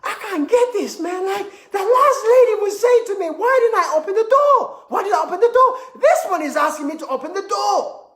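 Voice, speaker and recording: Exasperated whiny guy, played by a man, high-pitched, roomy echo. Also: expressive, normal speed, fairly bright tone. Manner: high, whining, half laughing. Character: baffled, exasperated young man. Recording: echoey room.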